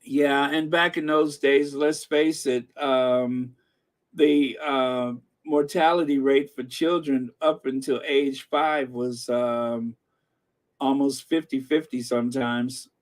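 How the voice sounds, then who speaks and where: A man's voice: medium pitch, fairly even intonation, takes it slowly. A middle-aged man from the American Midwest hosting a casual livestream, reading viewer comments aloud with lots of fillers and laughs. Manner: chatty, laughs often, reads comments aloud with frequent fillers. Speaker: host reading live chat.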